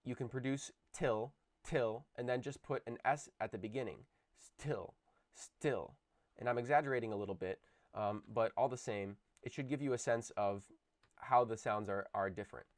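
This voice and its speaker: A man explains linguistics in a recorded lecture, pausing to pronounce sample words aloud. His voice sits at a middle pitch. The sound is dry and close, with no room echo. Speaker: linguistics teacher.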